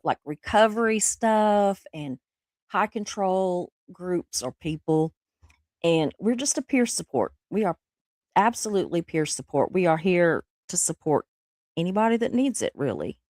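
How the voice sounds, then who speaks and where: A woman's voice: fairly low pitch, lively intonation, unhurried, a little mellow, no room sound, studio quality. A middle-aged woman, sick with the flu, hosting a casual livestream chat, rambling and laughing often as she reads viewer comments. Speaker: livestream host.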